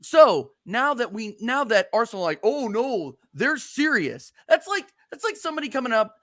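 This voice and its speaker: A man's voice: extremely high pitch, very animated, a little fast, a bit bright, no echo, clean studio sound. A man co-hosting a casual football talk show, ranting heatedly and stumbling over repeated words. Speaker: co-host of a football podcast. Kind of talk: casual chat.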